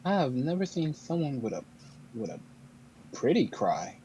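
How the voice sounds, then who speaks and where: Lively blunt man in role-play. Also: on the high side, moderate pace, muffled recording, slight background noise. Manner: blunt, swears, rises sharply when surprised. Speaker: player. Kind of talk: in-character tabletop role-play.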